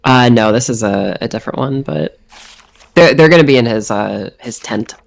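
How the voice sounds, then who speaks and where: A woman's voice: extremely low pitch, expressive, moderate pace, creaky. A woman chatting casually on a stream, rambling a little and laughing often. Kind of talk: casual chat.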